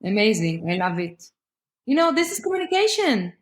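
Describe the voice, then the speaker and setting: A woman parenting expert talking as a podcast guest, emphatic and animated. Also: a little high, normal speed. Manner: animated, emphatic, acts out quoted voices. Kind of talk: conversational podcast interview. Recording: roomy echo.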